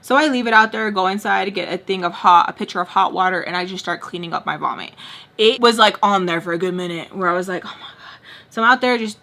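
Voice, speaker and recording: Bright-voiced young woman telling a story. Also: mid-range voice, fast talker, gravelly. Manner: chatty, fillers of "like", acts out her own thoughts. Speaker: storytime vlogger. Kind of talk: casual storytime.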